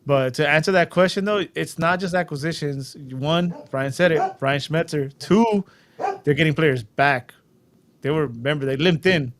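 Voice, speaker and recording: Brief: male podcast co-host, fairly high voice, blunt, heated, swears freely. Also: normal speed. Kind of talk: casual sports chat.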